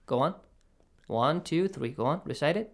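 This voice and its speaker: A man's voice: a little high, lively intonation, moderate pace, creaky. Patient, encouraging recitation teacher, man. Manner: patient, encouraging, explains and models sounds. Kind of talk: radio lesson, coaching students.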